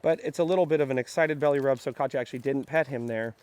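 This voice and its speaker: A man who trains dogs narrates a session for an instructional training vlog, explaining things in an upbeat way and talking to the dog along the way. He speaks quickly in a medium-pitched, slightly mellow voice, with a little hiss or hum in the recording.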